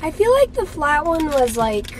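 High-voiced playful woman vlogging. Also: sing-song, moderate pace, a little hiss or hum. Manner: playful, dry jokes. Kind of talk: casual vlog chat.

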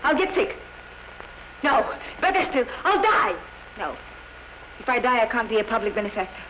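An actress playing a vain, excitable opera diva with theatrical outbursts, in 1930s screwball film style. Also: female voice, on the high side, normal speed. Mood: scheming. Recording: scratchy, muffled 1930s film soundtrack.

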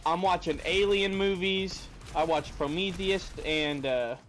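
A man's voice: sits high, measured pace, faint music behind. A young man chatting casually over gameplay, telling stories with lots of swearing and laughter. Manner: animated storyteller, swears freely, laughs often. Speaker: gamer and co-commentator.

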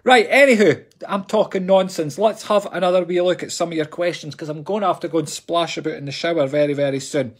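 A Scottish man talks to his live-stream viewers in a chatty, joking way, giving readings as a medium. His voice sits a touch high. It has a husky edge. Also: fairly even intonation, quick pace, hardly any pauses, a little mellow. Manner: chatty, jokey, addresses viewers as folks. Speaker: psychic medium host.

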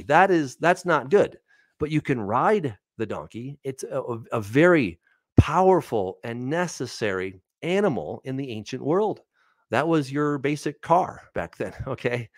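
This man, with a medium-pitched voice and no echo, takes Bible questions from viewers in an easygoing, conversational style. He reads scripture out loud, poses rhetorical questions to his audience, and keeps an animated tone peppered with "all right" and "right?".

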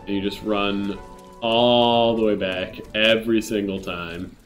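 A man's voice: on the low side, little pitch movement, slow, faint music behind. A man hosting a video game playthrough, chatting casually with dry, self-mocking jokes. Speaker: gameplay host. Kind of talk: casual let's-play commentary.

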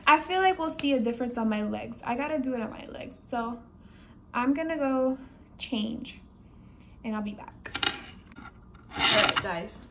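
A woman with a high, bright-pitched voice vlogs casually from home. She talks frankly and chattily to her viewers and often breaks into exclamations. A faint room hum sits behind her. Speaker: vlogger. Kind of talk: casual vlog talking to camera.

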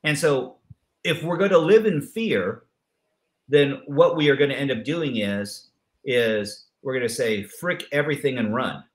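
A middle-aged man guest in a motivational interview who tells lively stories and acts out the people in them with changing voices. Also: medium pitch, unhurried, echoey room. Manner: lively storyteller acting out dialogue with voice changes. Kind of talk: animated motivational interview talk.

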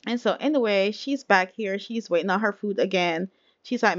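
A woman chats her way through a life-simulation game, laughing often and talking to her viewers like friends. Her voice sits at an ordinary middle pitch. The recording has a slightly muffled, lo-fi sound. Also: normal speed. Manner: chatty, laughing, addresses viewers as y'all. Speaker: let's play host. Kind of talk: casual game commentary.

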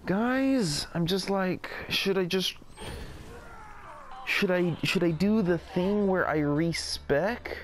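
A man's voice: high-pitched, slow pace, slight background noise. A man giving casual gameplay commentary, rambling and mocking himself as he plays. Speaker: gaming video creator. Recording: game music underneath.

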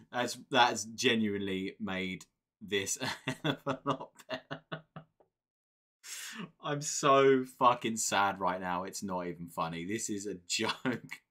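A man's voice: fairly low pitch, slow, long pauses, bright, forceful tone. A man streaming a game live, chatting casually with viewers, swearing freely and often breaking into giggles. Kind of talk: live gameplay stream commentary.

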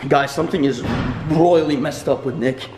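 A young man hosting a horror vlog, talking to viewers as "guys" and getting loud and scared as things go wrong. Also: a little high, moderate pace, loud music behind the voice. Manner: addresses viewers as guys, grows panicked and shouty. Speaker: vlogger.

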